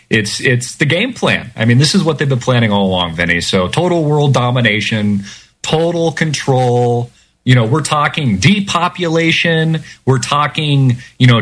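A man's voice: medium pitch, fairly bright tone. A man as a guest on a talk radio show, speaking intensely and stacking up points with emphasis. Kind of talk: casual radio interview.

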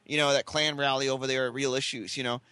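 A man's voice: mid-range voice, flat delivery, quick pace, pushed and bright, clear, resonant tone, no echo. A man in casual chat who explains himself defensively, stumbling and restarting his words.

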